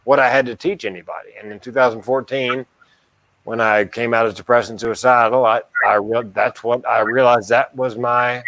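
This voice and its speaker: A man co-hosting a casual podcast, talking with dark, self-deprecating humor and chuckling at his own jokes. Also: medium pitch, steady tone, moderate pace, background noise. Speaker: podcast co-host and mental health speaker.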